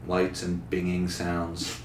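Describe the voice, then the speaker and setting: A man's voice: sits low, completely flat delivery, slow pace. A young man hosting a casual podcast interview, playful and rambling as he quizzes his guests. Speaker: podcast host. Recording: roomy recording with faint background hum.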